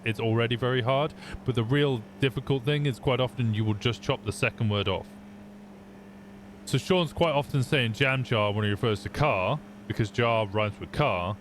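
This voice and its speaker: A man's voice: mid-range voice, a little hiss or hum. A young British man streaming a roleplay game, chatting casually and explaining at length, swearing freely.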